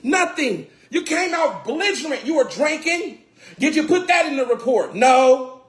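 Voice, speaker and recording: A man telling a personal story casually, animated and repetitive, swearing and getting heated. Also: extremely high pitch, normal speed. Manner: animated, repeats phrases, swears, grows heated and shouts. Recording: roomy echo.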